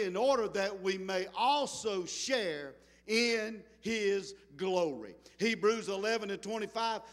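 A man's voice: high voice, fairly bright tone, long reverb tail. A man preaching a fervent sermon as pastor, repeating himself and reading scripture. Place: church sanctuary.

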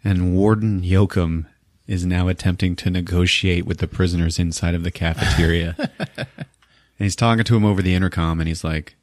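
A man's voice: low voice, moderate pace, no echo, clean studio sound. A man hosting a podcast, retelling a movie casually with laughter and swearing. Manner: laughing, profane, animated retelling. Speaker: podcast host.

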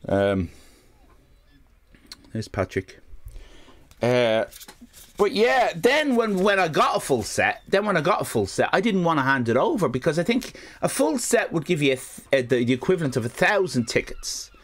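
A man's voice: on the high side, very animated, moderate pace, fairly bright tone. A man streaming live, telling a rambling, profane comic story and interrupting himself often.

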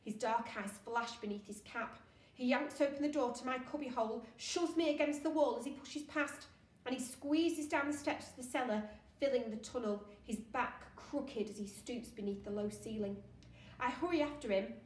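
Brief: a woman teacher narrating a children's book aloud, expressive, fairly high voice, roomy echo. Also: normal speed. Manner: expressive storytelling. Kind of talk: reading a children's novel aloud. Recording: echoey room.

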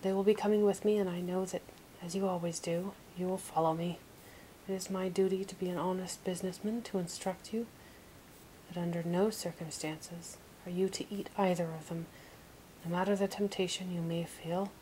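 A woman's voice: fairly low pitch, steady tone, normal speed, mellow, slight background noise, close to an everyday voice, poor audio. A woman voicing a grumpy, scornful little male troll in a nasal, barking manner, as whispered role-play. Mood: sneering. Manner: barking, bossy, sneering.

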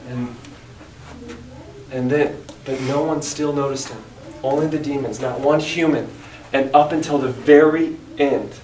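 A man's voice: medium pitch, darkish tone, distant mic. A man teaching a church Bible study in an earnest, emphatic way, reading scripture aloud. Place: church room. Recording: echoey room, mic from afar, faint hiss.

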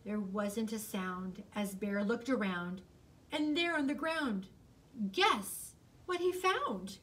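A woman reading her picture book aloud in an expressive, sing-song, teacherly way, with fun facts in between. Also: medium pitch, slow, recorded from a distance.

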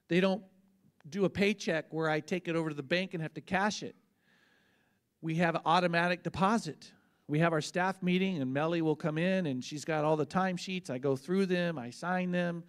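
A man in his fifties, a pastor preaching in a relaxed, conversational way with personal stories and repeated words. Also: sits high. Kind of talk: conversational sermon teaching.

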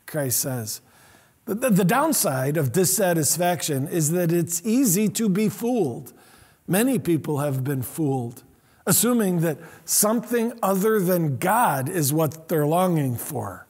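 Husky high-voiced man preaching a sermon. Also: unhurried. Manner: animated preaching, acting out quotes. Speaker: pastor.

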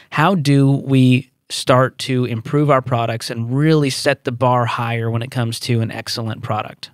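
A man hosting a business podcast, asking questions and affirming his guest in a measured way. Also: medium pitch, steady tone, smooth, dry recording, studio quality. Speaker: podcast host. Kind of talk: interview questions.

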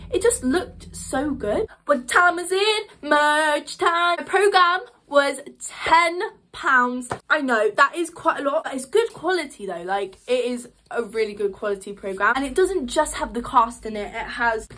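A young woman talks straight to camera, reviewing a show she loved. Her voice sits a little on the high side, and she gushes in a chatty rush, dropping fillers between every thought. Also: expressive, unhurried, bright, forceful tone, a little hiss or hum. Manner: gushing, chatty, lots of "like" fillers. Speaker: vlogger reviewing a musical. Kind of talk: excited casual review.

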